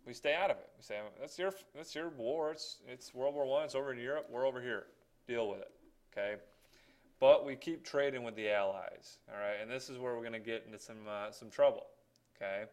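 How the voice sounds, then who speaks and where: A man's voice: medium pitch, clean tone. A man teaching a history lesson, talking casually with many fillers and checking in with "okay?". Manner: conversational, many fillers and tag questions. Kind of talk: classroom history lecture.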